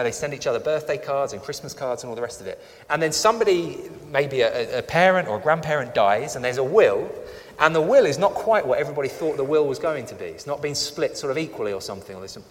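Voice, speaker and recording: A man's voice: fairly high pitch, fairly bright tone. A man preaching a sermon, reading scripture aloud and repeating key lines for emphasis. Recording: long church reverb.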